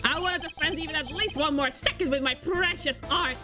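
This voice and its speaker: A woman's voice: sits high, fairly quick, over music, lightly acted. A woman voicing a haughty, wealthy male art dealer who talks in a pompous, arrogant way.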